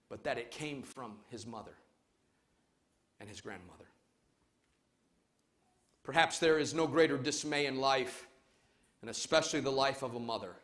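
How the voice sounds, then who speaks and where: A male pastor preaching a sermon to his congregation, emphatic, swinging between loud calls and quiet urging. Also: mid-range voice. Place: church service before a congregation.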